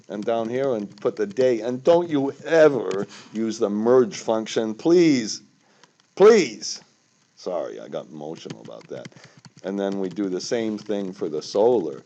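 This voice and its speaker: An older man talks through a spreadsheet lesson in a low, mellow voice. He rambles and corrects himself, then bursts into sudden emphasis. The recording sounds dull and lo-fi. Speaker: finance instructor. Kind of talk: screen-recorded spreadsheet tutorial.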